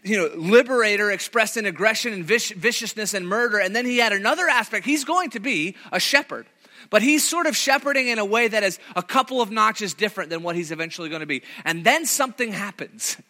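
A man preaching a sermon, telling a story with lively delivery and acting out quoted voices, with many restarts. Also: high-pitched, a little fast. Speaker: pastor.

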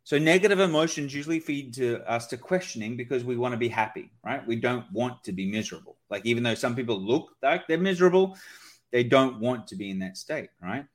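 Speaking fairly quickly at a medium pitch, this man is a podcast guest and sales-call expert who explains energetically and keeps asking "right?"

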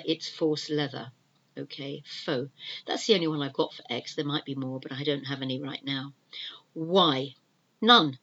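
A woman's voice: low voice, fairly bright tone, dull audio. A woman hosting a language-learning podcast, pronouncing words carefully and spelling them out letter by letter. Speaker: podcast host, English teacher.

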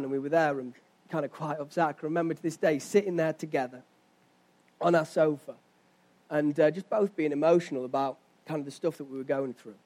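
A young man's sermon unfolds as conversational storytelling, punctuated by rhetorical questions for the listeners. As their pastor, he speaks in a slightly high voice with a darkish tone.

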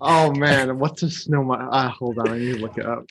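A man's voice: medium pitch, moderate pace, a bit bright. A man co-hosting a podcast, chatting casually and enthusiastically about holiday cartoons. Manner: enthusiastic, giggly. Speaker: podcast co-host. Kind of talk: casual chat.

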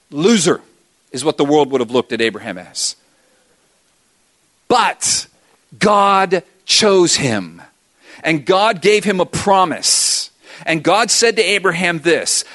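A man's voice: high voice, fairly bright tone. A man preaching to a congregation in a conversational way, calling them guys and asking rhetorical questions. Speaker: pastor. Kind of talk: sermon. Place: church before a congregation.

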